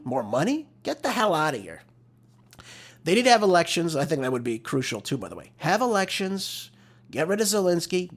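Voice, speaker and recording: A man hosting a political talk show, delivering emphatic, exasperated solo commentary into a close mic. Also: a little high.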